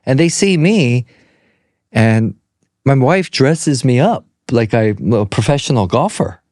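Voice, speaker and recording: Animated middle-aged man telling stories. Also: mid-range voice, slow, no room sound, clean studio sound. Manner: animated storyteller who acts out other people's voices. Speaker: podcast co-host. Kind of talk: casual storytelling chat.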